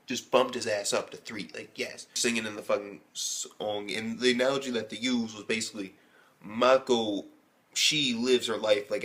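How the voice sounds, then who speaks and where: A man giving a casual, rambling recap of an anime episode as a reviewer, excitable and swearing heavily. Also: mid-range voice. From United States.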